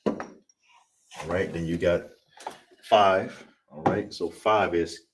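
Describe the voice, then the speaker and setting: A man with a very deep voice teaches a class, checking in with the room after nearly every point. He stretches out words slowly as he drills pronunciation. The recording has a clear layer of background noise. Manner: repetitive, checks in with "all right?" and "you understand?"; slow, drawn-out pronunciation drills. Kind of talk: classroom lesson on Hebrew numbers. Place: classroom with a board.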